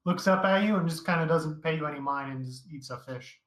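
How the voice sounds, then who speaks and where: A man's voice: fairly high pitch, a little fast, a bit bright, roomy sound, a little hiss or hum. A man narrating a tabletop game as game master, casual and loose, with lots of fillers.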